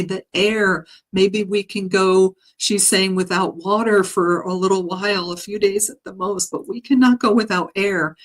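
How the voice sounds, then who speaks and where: Slow, soft-spoken spiritual woman. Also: mid-range voice, rough recording. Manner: gentle, halting, with frequent ums and soft laughs. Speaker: spiritual healer reading messages. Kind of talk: guided meditation message reading. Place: home live stream.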